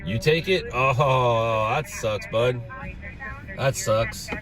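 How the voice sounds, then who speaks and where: A news videographer and livestreamer drives while chatting and joking with his stream's viewers, speaking into his phone inside the car. His medium-pitched voice is very slow, with crowd noise and loud traffic behind him.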